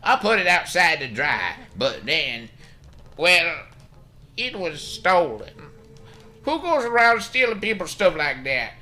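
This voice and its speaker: A man's voice: a little high, big pitch swings, slow pace, pushed and bright, faint music behind, pitched above the performer's own voice, full character voice. A man voicing a stingy, cranky old male town doctor in a raised, whiny, fussy voice full of excuses, reading along with a video game. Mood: whiny, defensive.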